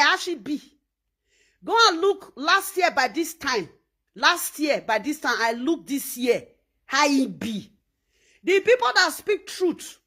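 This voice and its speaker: A woman speaking Nigerian Pidgin English in an animated vlog monologue, emphatic and preachy, repeating her points. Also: sits high. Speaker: vlogger.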